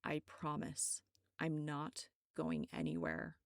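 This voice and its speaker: A protective young man reassures a frightened friend, as a woman narrator voices him. The voice is low and gravelly with vocal fry. Audiobook reading, dry and close. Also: steady tone, slow, darkish tone, dry recording, full character voice. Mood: soothing. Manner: urgent, then soothing.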